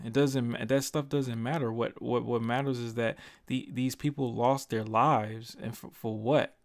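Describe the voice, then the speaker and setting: A man's voice: mid-range voice, clear, resonant tone, dry recording, clean studio sound. A young man giving his earnest, passionate views in a commentary vlog, stumbling and restarting often and swearing casually. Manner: earnest, halting, frequent restarts and stutters. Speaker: YouTuber. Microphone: desk microphone.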